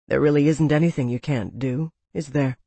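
Audiobook character read: woman voicing a low, husky man, tense and hushed, dry close sound. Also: fairly even intonation, normal speed, no room sound, full character voice. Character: quiet, tense adult man, hushed and steady.

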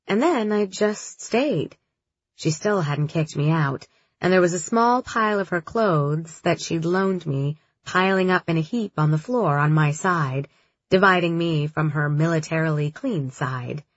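A woman giving first-person audiobook narration in a measured, steady way. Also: deep voice, breathy edge, no echo, muffled recording.

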